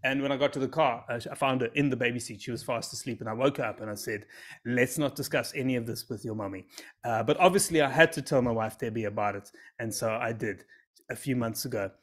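A man's voice: mid-range voice, steady tone, fast talker. A man, telling a scripture story as a comedy routine with self-amused, rambling asides. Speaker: comic storyteller.

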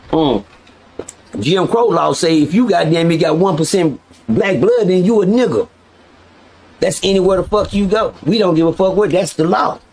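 A man spinning a story in loose, casual talk, cursing freely and speaking straight to his audience. His voice sits a touch higher than most men's, and he swings his delivery around as he gets worked up. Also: husky. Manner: profane, animated, addresses listeners directly.

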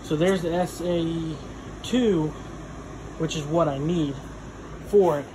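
A man with a slightly high, steady voice speaks slowly as he narrates casually over work on a vehicle in his home garage. A garage vlogger, he rambles with lots of fillers, talks while wrenching and gets out of breath at times; there's background noise.

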